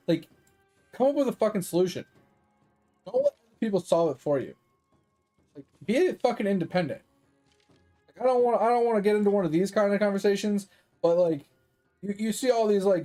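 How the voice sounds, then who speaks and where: A man's voice: sits high, warm tone. A man streaming games, ranting casually and profanely to his chat. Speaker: game streamer.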